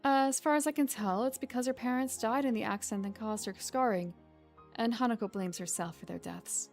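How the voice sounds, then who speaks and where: A woman voicing a polite, soft-spoken young woman student in a visual novel. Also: on the high side, fairly quick, soft background music, natural voice. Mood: calm.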